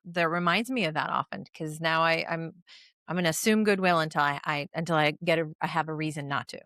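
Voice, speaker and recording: Brief: woman co-host, lowish, rambling, dry close recording. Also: fairly even intonation, a little fast, a bit bright, no room sound. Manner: rambling, many restarts. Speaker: podcast co-host. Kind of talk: casual podcast chat.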